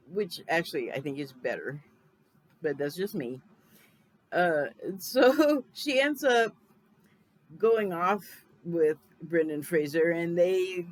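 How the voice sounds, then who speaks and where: A woman's voice: lowish voice, poor audio. A woman in her fifties talks through a film's plot in a loose, chatty way. She backtracks and corrects herself as she goes, with frequent small laughs. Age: 50s. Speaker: film reviewer. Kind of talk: casual spoken film recap.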